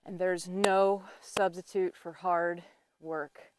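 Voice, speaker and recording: A woman's voice: lowish voice, fairly even intonation, slow pace. A woman riding instructor teaching while she rides a horse outdoors in the wind, coaching in a teasing, encouraging way.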